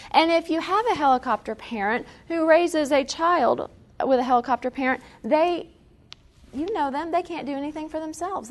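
Middle-aged mom giving a parenting talk, kinda high voice, super animated. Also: female voice. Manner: animated, acts out quotes, laughs often. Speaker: parenting class speaker. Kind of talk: lively classroom talk.

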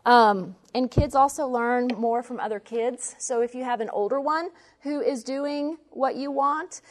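A woman leading a parenting class, talking through each point in a steady, explanatory way. Her voice sits a little high for a woman, and she fills pauses with ums and uhs.

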